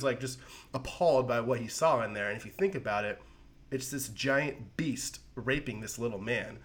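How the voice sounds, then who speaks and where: Male podcast host, mid-pitched, loose and profane, rambly fan energy. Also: moderate pace. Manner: rambling, profane, heavy use of "like"; excited retelling of a comic plot. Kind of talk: casual podcast chat.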